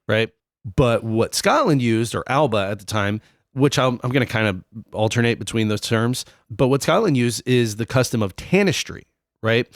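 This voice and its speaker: A man's voice: mid-range voice, lively intonation, moderate pace, dry recording, clean studio sound. A man co-hosting a casual podcast, explaining history in a loose, rambling way with many fillers. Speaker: podcast co-host.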